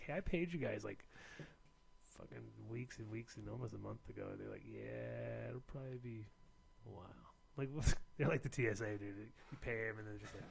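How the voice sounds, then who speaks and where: Gravelly, rambling American man host. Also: medium pitch. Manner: rambling storyteller, quick to laugh. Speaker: show host. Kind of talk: casual chat.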